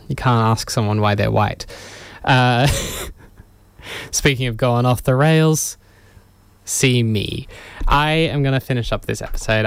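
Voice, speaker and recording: A man's voice: mid-range voice, vocal fry, smooth, dry recording. A man hosting a radio show, rambling casually with chuckles, many fillers and restarts, on a studio microphone. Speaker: radio host. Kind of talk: casual on-air chat.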